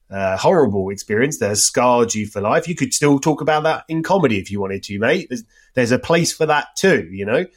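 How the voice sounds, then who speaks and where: A man in a casual podcast chat, talking emphatically and often saying "mate" and "you know". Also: medium pitch.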